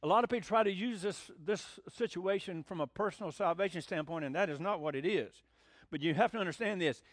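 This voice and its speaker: A man's voice: high-pitched, fairly quick, no room sound. A man preaching a folksy, emphatic sermon and acting out the voices he quotes. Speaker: pastor.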